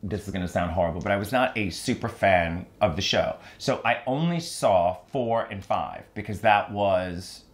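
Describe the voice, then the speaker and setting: Sardonic middle-aged man. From New Orleans, USA. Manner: quick-witted, sardonic, jumps into high mocking voices for quoted people. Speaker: drag performer guest. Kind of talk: casual interview storytelling.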